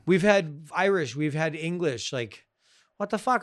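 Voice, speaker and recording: A man's voice: a little high, lively intonation, measured pace, no echo, clean studio sound. A man co-hosting a podcast, blunt and sarcastic, swearing freely in casual film talk. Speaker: podcast co-host. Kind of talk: casual film review chat.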